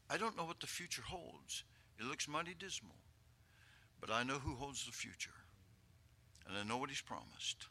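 Fervent older preacher with a bright voice. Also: male voice, medium pitch, breathy edge. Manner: rising to fervent, loud peaks, with chuckles and asides to the congregation. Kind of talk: sermon.

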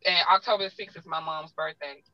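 A woman's voice: sits low, steady tone, quick pace, dry recording, dull audio. A talkative woman with a Southern US accent, a guest sharing personal stories in a heartfelt way. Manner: talkative, heartfelt, self-described talker. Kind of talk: emotional personal storytelling.

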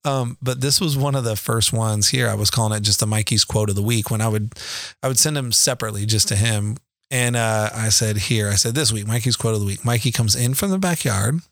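A man's voice: lowish voice, a little fast, a bit bright, no room sound, clean studio sound. A middle-aged man telling family stories on a casual podcast, rambling with frequent restarts and easy laughs. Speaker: podcast co-host, father. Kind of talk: casual storytelling chat.

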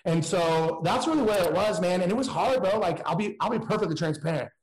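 A man's voice: sits high, expressive, brisk, echoey room, rough recording. A man speaking candidly in a casual, slangy way, with frequent restarts. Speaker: guest entrepreneur.

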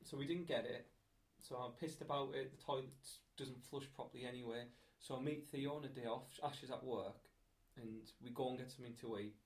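A man's voice: medium pitch, steady tone, brisk, few pauses. A man telling crude, laughing anecdotes in a casual chat.

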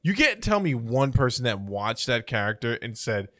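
A man's voice: medium pitch, very animated, normal speed, pushed and bright. A man co-hosting a casual pop-culture podcast, talking in an opinionated, speculative way with hiccups. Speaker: podcast co-host.

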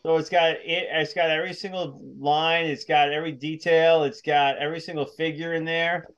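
A man's voice: on the high side, little pitch movement, moderate pace, a bit bright, clean tone, muffled recording. A man co-hosting a podcast in casual chat, rambling with repeated words and laughing easily. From United States. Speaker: podcast co-host.

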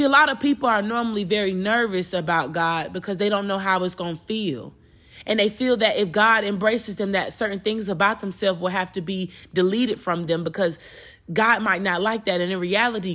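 A young adult woman hosts a podcast and talks casually about faith. She sounds emotional and animated, often repeating and restarting her words. Her voice sits at a medium pitch. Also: moderate pace. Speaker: podcast host and preacher. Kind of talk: casual spiritual talk.

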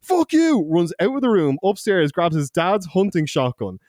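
A man's voice: fairly high pitch, lively intonation, moderate pace, a little mellow, no echo, studio quality. A young Irish man, a podcast co-host, telling a loose, profane anecdote in casual chat, laughing and acting out quotes. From Ireland.

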